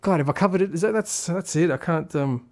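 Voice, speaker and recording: A man's voice: a little high, a little fast, a little mellow. A man giving a casual spoken film review, rambling and critical as he thinks aloud.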